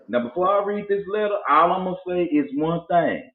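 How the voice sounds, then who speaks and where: A man's voice: fairly high pitch, moderate pace. A man, co-hosting a casual show and telling stories, acting out voices as he goes. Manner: animated, acts out voices in his stories. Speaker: podcast co-host. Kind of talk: casual storytelling chat. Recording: tinny phone-like sound in an echoey room.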